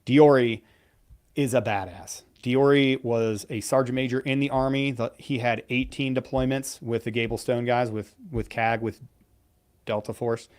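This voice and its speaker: Male veteran co-host, forties, straight-talking and profane, mid-pitched voice. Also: steady tone, moderate pace, darkish tone. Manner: blunt, profane, storytelling. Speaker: podcast co-host, veteran pararescueman. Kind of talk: casual live-stream advice talk.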